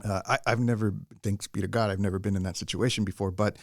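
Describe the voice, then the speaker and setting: A man's voice: lowish voice, steady tone, fast, dry recording, clean studio sound. A man, a guest in a casual interview, talking earnestly in a rambling way with frequent restarts. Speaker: guest, general contractor.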